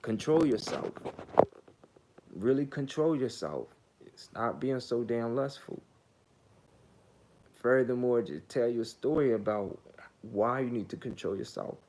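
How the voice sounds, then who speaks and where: A man tells a casual storytime monologue in a loose, rambling way. His voice has a steady gravelly fry and sits at a middle pitch. He is blunt and profane, and he fills his pauses with "um" and "like". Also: a little hiss or hum. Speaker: vlogger.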